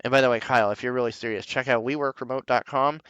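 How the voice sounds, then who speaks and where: A man chatting on a podcast, telling stories with a lot of swearing and quick voice switches for the people he quotes. His voice is smooth and clear, with a dry, close sound and no room echo. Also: mid-range voice, highs cut off. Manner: profane, animated storyteller who acts out quoted people. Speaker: podcast host. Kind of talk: casual podcast chat.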